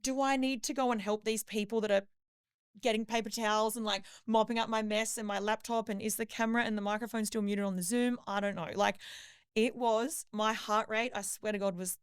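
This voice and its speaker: A woman on a podcast, telling a chaotic story with lively acted-out voices of other people. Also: mid-range voice, a little fast, clean tone, dry recording, clean studio sound. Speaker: podcast co-host. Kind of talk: casual storytelling chat.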